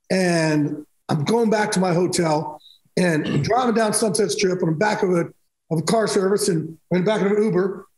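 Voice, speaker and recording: As a guest on a podcast, a high-pitched man candidly tells personal stories, emphatic and rambling, often restarting his sentences. The audio is poor and reverberant.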